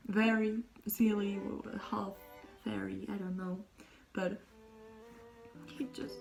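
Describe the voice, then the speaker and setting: A young woman chatting casually about books on her vlog, gushing and rambling, often dropping into breathy whispered asides. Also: mid-range voice, slow, pauses often, over music, low-quality recording. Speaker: book vlogger. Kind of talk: casual book talk.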